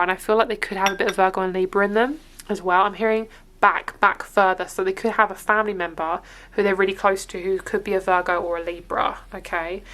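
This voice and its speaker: A young woman with an English accent talks her way through a tarot reading to camera. She is chatty and upbeat and rambles from one thought to the next, with a pitch that sits in the middle for a woman. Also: fairly bright tone. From England. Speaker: tarot reader.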